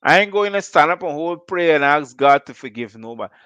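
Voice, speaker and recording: A man's voice: on the high side, animated, a little fast, pushed and bright, smooth, no echo, highs cut off. A Guyanese man hosting a call-in show, firing off rhetorical questions in a fiery political monologue.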